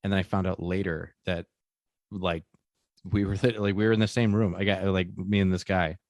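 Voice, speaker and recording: A man from the Chicago area co-hosting a podcast, telling stories in a halting way with lots of "uh". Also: low-pitched, little pitch movement, no room sound, studio quality. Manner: halting, hesitant, many "uh" fillers. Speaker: podcast co-host. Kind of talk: casual chat.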